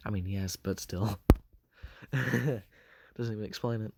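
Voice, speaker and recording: Slow, low-voiced man rambling through a story. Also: fairly even intonation, vocal fry, darkish tone, slight background noise. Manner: hesitant, many fillers and self-corrections. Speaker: fan storyteller. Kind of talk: casual rambling retelling.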